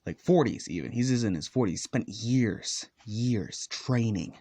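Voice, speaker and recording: A man with a fairly low voice rambles through a fan story in loose, casual talk, leaning on "like" and "let's just say." He sometimes paces as he speaks. The recording is dry, with no room sound. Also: unhurried, dark tone, slightly rough, dry recording. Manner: talks while walking around, sometimes short of breath.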